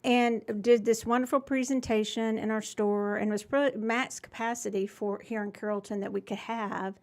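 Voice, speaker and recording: A woman's voice: a little high, fairly even intonation, normal speed, darkish tone. Gushing woman hosting a live show. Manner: gushing, enthusiastic, chatty. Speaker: podcast host. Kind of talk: casual live-show chat. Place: store in Carrollton.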